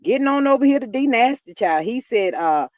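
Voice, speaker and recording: Here's a livestream host whose voice sits on the high side, fairly quick and a little mellow, with lively intonation and no room sound. Using her computer mic, she reads viewer comments on her casual gossip stream in a drawling, chatty way, calling people "child."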